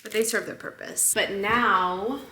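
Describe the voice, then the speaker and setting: A young woman talks through her decorating plans in a casual vlog, thinking aloud with easy enthusiasm. Her voice is bright and forward at an ordinary pitch. The room around her echoes. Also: fairly even intonation, unhurried, slight background noise. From United States. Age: young adult. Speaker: home decor vlogger. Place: her apartment, indoors.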